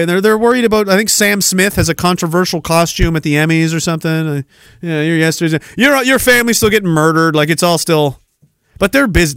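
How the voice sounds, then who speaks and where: A man's voice: a little high, fairly bright tone, clean tone, no room sound. Sarcastic ranting man, dry close sound. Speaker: podcast host. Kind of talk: political rant podcast.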